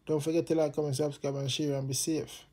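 A man's voice: on the high side, little pitch movement, fast talker, very noisy. A Jamaican man from Jamaica, hosting his own channel, ranting casually and passionately in heavy patois, repeating himself. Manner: impassioned, repetitive, patois-heavy. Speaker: channel host. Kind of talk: casual political rant to camera.

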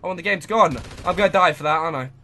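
A young man giving live gameplay commentary, muttering to himself one moment and shouting at the game the next. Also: a little high, very fast, slight background noise. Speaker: gaming channel host.

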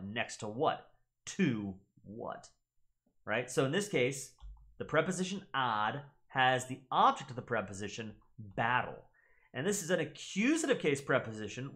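Young American male host, casual explainer, teacherly, expressive pitch, mid-range voice. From United States. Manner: teacherly, checks in with "right?". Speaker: gaming channel host.

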